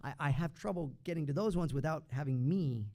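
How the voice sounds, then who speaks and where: Gravelly male voice actor, chatty. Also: a little high, a little fast, dark tone. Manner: chatty, slips into impressions. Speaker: voice actor guest. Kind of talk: casual podcast interview.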